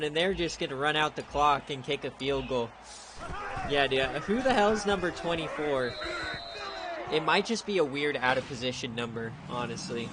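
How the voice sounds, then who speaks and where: A young man giving laid-back play-by-play commentary on a streamed video game, chatty and prone to excited outbursts. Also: a little high, normal speed, slight background noise. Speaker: league streamer.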